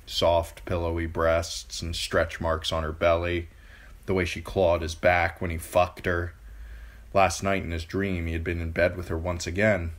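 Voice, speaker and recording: A man with a very deep, low voice reads a fantasy novel aloud. He narrates as an amateur audiobook reader, taking the text slowly and deliberately.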